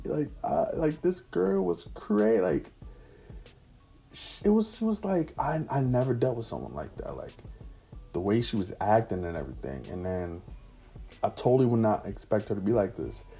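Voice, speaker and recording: A man's voice: medium pitch, animated, normal speed, creaky, dark tone, husky, soft background music. A man casually telling a personal anecdote in slangy, profane street talk. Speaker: storyteller.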